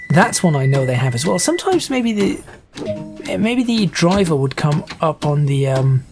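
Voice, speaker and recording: A man's voice: a little high, very animated, measured pace, music in the background. A man giving casual, stop-start gameplay commentary as a video host. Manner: chatty, stop-start, self-correcting. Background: train sim game noise.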